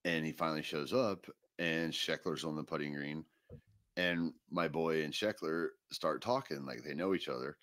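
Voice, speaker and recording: A man's voice: extremely low pitch, moderate pace, a bit bright. A man co-hosting a podcast, telling a long funny story in casual chat and laughing through the punchlines. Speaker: podcast co-host.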